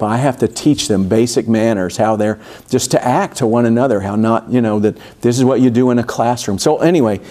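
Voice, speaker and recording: A man with a medium-pitched, dark voice leads a Bible study in a church. His talk is conversational and digressive, full of fillers and asides, and his voice rises for emphasis when he reads scripture aloud.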